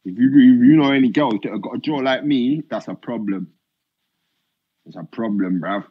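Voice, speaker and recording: A man's voice: medium pitch, normal speed, breathy edge. A young man, bantering casually on a live stream, slangy and repetitive with sing-song asides. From Britain. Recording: dull lo-fi stream audio.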